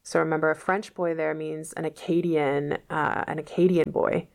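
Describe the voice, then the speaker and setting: A woman's voice: low voice, fairly even intonation, normal speed, vocal fry, a little mellow. A woman reading a novel aloud and patiently explaining old words in casual asides, as a teacher.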